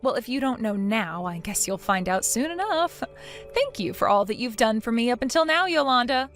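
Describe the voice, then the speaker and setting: A woman with a high, very lively voice reads a heated family argument aloud, sharp and mocking. Her pitch swings widely from line to line. Faint music plays beneath her. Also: moderate pace. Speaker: reader voicing both sides of a text-message argument. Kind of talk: scripted story reading.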